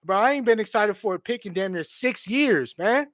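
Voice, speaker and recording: Hyped-up guy on a live stream, slightly high voice, cussing a lot, dry close sound. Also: animated, moderate pace, a bit bright, no echo. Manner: hyped, swearing, repeats himself and calls listeners bro and homie. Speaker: streamer hosting a draft watch party. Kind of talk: excited casual live-stream reaction.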